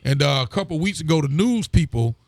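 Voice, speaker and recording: A man's voice: on the high side, lively intonation, brisk, gravelly, no echo. A man, a sheriff hosting a local show and greeting viewers by name in a friendly, casual way. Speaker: county sheriff and show host. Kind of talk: casual chat reading out viewer comments.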